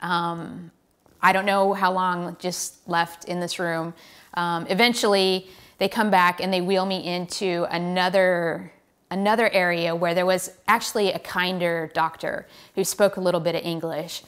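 An American woman, a professional cyclist, telling a story in a casual, animated way and acting out the lines people said to her. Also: lowish voice, unhurried, clear, resonant tone. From United States. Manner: animated, relives the scene with quoted lines.

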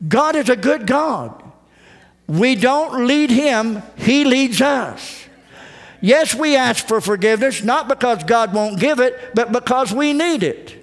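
A man's voice: very high voice, expressive, slow pace, in a large hall. A man preaching a folksy sermon as pastor, acting out the voices he quotes. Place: church sanctuary.

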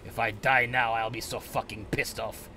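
A man's voice: medium pitch, flat delivery, moderate pace, sharp tone, soft background music. A man giving frustrated, profanity-heavy gameplay commentary and grumbling as he plays. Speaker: gaming channel host.

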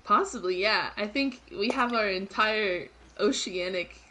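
A woman's voice: mid-range voice, a little slow, sharp tone. A young woman in her twenties co-hosting a casual live stream, chatty and using "like" often. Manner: chatty, uses "like" a lot. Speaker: co-host.

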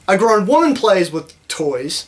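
Sarcastic high-voiced New Zealand man. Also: big pitch swings, unhurried. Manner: sarcastic, profane, mock-indignant. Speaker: YouTuber. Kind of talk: sarcastic vlog rant.

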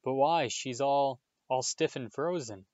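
A man's voice: measured pace, darkish tone, dry recording, dull audio, lightly acted. A man reading aloud, voicing a bitter, frantic old male caretaker who shrieks accusations. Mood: distraught. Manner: shrill, sobbing accusations.

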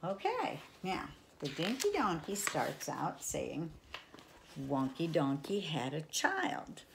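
An older woman reads a picture book aloud to children at an unhurried pace, with her voice swooping all over in a playful sing-song and dropping now and then to soft whispers. Her voice sits fairly low and has a gravelly edge. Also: wildly swooping pitch, noisy background. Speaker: children's storyteller.

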